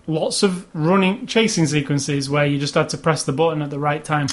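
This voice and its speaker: A man's voice: on the high side, fairly even intonation, moderate pace. A man co-hosting a casual chat about video games, rambling along with restarts and fillers. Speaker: podcast co-host.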